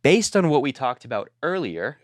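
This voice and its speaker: A man's voice: medium pitch, sing-song, moderate pace, no room sound, clean studio sound. A man co-hosting a sales podcast in casual chat, wry, adding jokes and examples.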